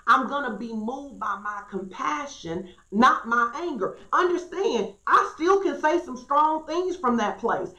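A woman's voice: a little high, pushed and bright. A woman pastor preaching an earnest, emphatic sermon and reading scripture aloud. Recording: echoey room.

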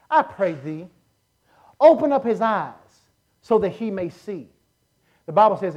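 A woman preacher with a Southern American accent, delivering a lively sermon, acting out Bible characters and rising to shouts. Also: mid-range voice, dull audio. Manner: animated, acts out Bible characters, shouts at peaks.

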